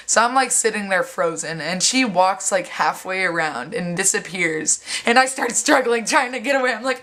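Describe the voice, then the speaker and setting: A young woman tells a story in a casual vlog, acting out other people's lines in quoted voices. She swears bluntly, fills her speech with "like," and sounds animated. Her voice is fairly low and brisk.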